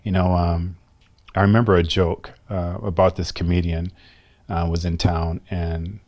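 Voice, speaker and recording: A man in his fifties, a guest telling a personal story in an interview in a soft-spoken, reflective and earnest way. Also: sits low, level tone, unhurried. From United States. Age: 50s.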